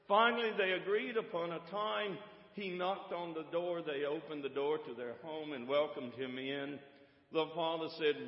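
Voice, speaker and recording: A male pastor delivers a sermon in measured, repetitive storytelling. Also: a little high, fairly even intonation. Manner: slow, measured storytelling with repeated words. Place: church sanctuary. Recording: echoey church hall, dull lo-fi sound.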